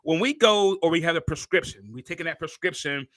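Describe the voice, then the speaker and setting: A man's voice: fairly high pitch, fairly bright tone, dry recording, studio quality. A man hosting an interview show, talking casually with many restarts and building into a preacherly, repetitive rhythm. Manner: drawn-out, preacherly, repeats phrases for emphasis. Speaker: podcast host.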